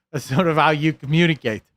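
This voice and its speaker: A South African man streaming and reading his chat aloud. His voice sits a touch high, and his accent leans American. He rambles in a loose, self-mocking way, full of ums and restarts. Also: normal speed, fairly bright tone. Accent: South African with an American-leaning lilt. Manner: rambling, self-deprecating, many fillers and restarts. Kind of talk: casual live-stream chat.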